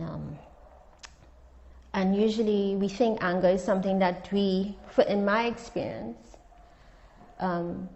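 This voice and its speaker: A woman's voice: medium pitch, vocal fry, dark tone, lo-fi sound, slight background noise. A woman therapist being interviewed, talking earnestly and reflectively about her work with clients. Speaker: therapist guest. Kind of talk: casual interview.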